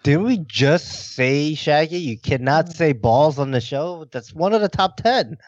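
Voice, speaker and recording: A man hosts a podcast with slow, amused, casual talk. The sound is dry and a bit dull and muffled. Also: a little high, expressive, no echo. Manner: amused, chuckling reactions. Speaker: podcast host. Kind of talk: casual chat.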